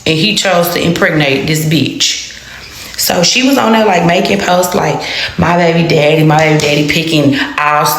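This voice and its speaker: A woman telling a personal story to her viewers in a casual storytime, animated and heavily profane, repeating phrases for emphasis. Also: low-pitched, a little hiss or hum. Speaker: storytime vlogger. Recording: very echoey room.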